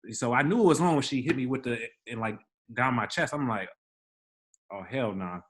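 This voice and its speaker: A man's voice: mid-range voice, fast talker. A young man from the Washington DC area, a podcast co-host telling a story in casual chat, acting out the voices of the people in it. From Washington DC area, Maryland. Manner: animated storyteller, acts out quoted voices.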